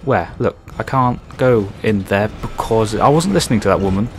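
A man giving casual gameplay commentary, joking and swearing a lot, growing loud and panicky when scared. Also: on the low side, expressive, normal speed, music in the background. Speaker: let's play gamer.

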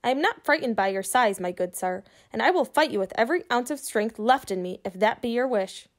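A woman's voice: on the high side, animated, fairly quick, close to an everyday voice. Woman reading as a tiny courtly knight. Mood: challenging. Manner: courtly, old-fashioned speech. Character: tiny proud formal male knight. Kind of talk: reading a children's book aloud.

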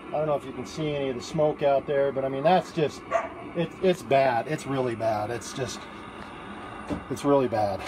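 A man chats casually into a phone held in one hand, standing outdoors at a grill. His talk rambles with fillers and restarts at a middling pitch. A faint outdoor hum sits behind him. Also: normal speed. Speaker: livestreamer taking a food challenge. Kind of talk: casual live-stream chat. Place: outdoors at a barbecue grill in the evening.

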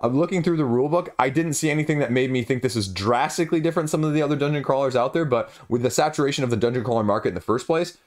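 A man's voice: mid-range voice, rapid-fire, hardly any pauses. A young man casually reviewing board game crowdfunding campaigns, rambling with wry asides. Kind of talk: casual video commentary.

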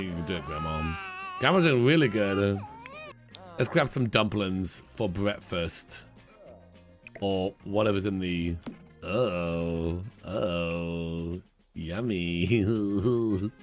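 A man hosting a let's play, chatty and playful, often laughing and slipping into quick character voices. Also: lowish voice. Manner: voices his game characters in quick asides. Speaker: gaming channel host.

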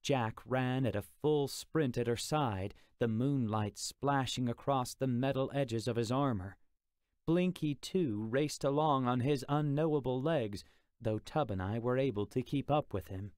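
A man narrating an audiobook in a steady, measured storytelling manner. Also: mid-range voice, no echo, studio quality. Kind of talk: scripted narration.

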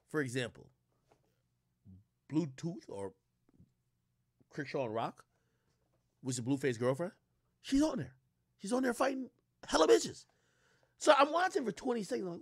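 A man ranting casually to his stream audience, swearing a lot and jumping his voice up high for emphasis. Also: big pitch swings, moderate pace, gravelly, sharp tone, dry recording, studio quality. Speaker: streamer and rap commentator.

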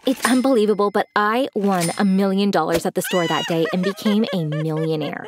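A young woman narrating a first-person story in a scripted, expressive way. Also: medium pitch, brisk, hardly any pauses, a little hiss or hum.

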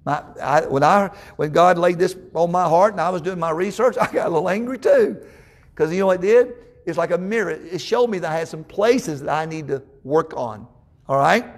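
Guy preaching a sermon, kinda high voice, lots of stumbles and "all right?" asides. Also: brisk. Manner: folksy storytelling, frequent stammered restarts.

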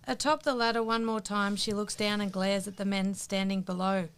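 A woman co-hosting a podcast, reading out jokes in a brisk, matter-of-fact way. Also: mid-range voice, flat delivery, clear, resonant tone. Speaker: co-host telling jokes.

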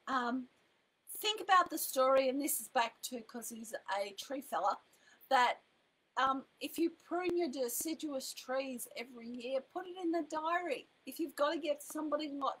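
Chatty high-voiced woman mentor. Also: poor audio. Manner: chatty, lively and emphatic, with frequent fillers and restarts. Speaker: business mentor. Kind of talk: direct-to-camera advice talk. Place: home office at a computer.

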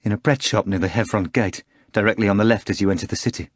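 A man's voice: on the low side, steady tone, fast, dry recording, clean studio sound, natural voice. A man voicing a ragged, distrustful disciple of about forty who answers grimly and curtly.

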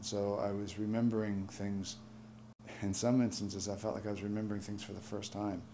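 Soft-spoken older man, halting and reflective. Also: on the low side, little pitch movement, slight background noise. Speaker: veteran. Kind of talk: personal testimony.

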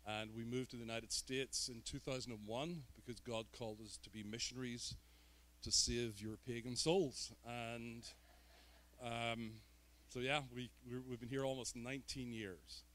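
A man's voice: mid-range voice, flat delivery, moderate pace, fairly bright tone. Northern Irish man preaching with jokes. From Northern Ireland. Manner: joking, self-deprecating asides. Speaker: guest preacher. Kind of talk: sermon. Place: church sanctuary.

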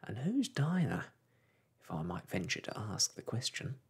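A fussy, overly polite storybook bird asking prim little questions, voiced by a man. The tone is gravelly and unhurried. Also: on the low side, very animated, heavily acted. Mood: curious.

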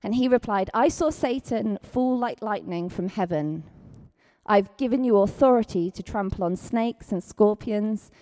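Lively woman preaching a sermon, mellow voice. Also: a little slow. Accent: Scottish. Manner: lively, chatty, acts out quotes with big pitch jumps.

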